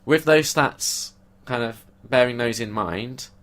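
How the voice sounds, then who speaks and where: A man's voice: medium pitch, slow, fairly bright tone. A man co-hosting a podcast, giving opinionated, casual takes on a film. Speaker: podcast co-host.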